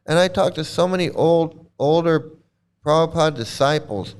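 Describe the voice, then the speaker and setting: Blunt, sarcastic man with a smooth voice. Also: on the high side, normal speed. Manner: blunt, sarcastic, swears, repeats and restarts phrases. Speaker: host reacting to videos. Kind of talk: casual reaction commentary.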